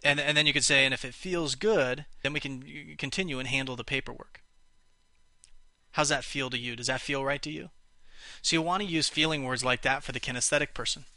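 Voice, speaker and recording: A man's voice: mid-range voice, fairly even intonation, a little fast, pushed and bright, no echo. A man teaching a lesson on how to speak to different kinds of buyers, explaining and acting out example phrases, with some restarts. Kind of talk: spoken lesson on communication styles.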